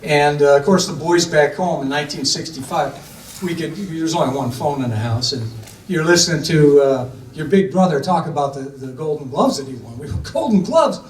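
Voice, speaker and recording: An older man from Ohio tells a family story in a loose, rambling way, with plenty of fillers and little voices for the people he quotes. His voice sits a little high for a man. He sounds a bit away from the mic in an echoey room, with faint room noise behind him. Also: moderate pace, recorded from a distance. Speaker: storyteller recounting family history. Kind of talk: casual spoken storytelling.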